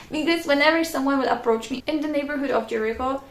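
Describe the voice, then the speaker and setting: Brief: young woman vlogger, high gravelly voice, chatty storyteller, echoey room. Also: quick pace. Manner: chatty, laughing often, frequent "like" fillers. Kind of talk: casual storytelling.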